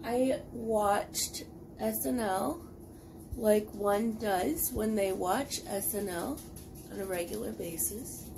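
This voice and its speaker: A woman's voice: mid-range voice, takes it slowly, creaky, music in the background. A tired woman chatting casually while cooking in her home kitchen, rambling and poking fun at herself. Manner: rambling, self-deprecating chatter. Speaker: vlogger.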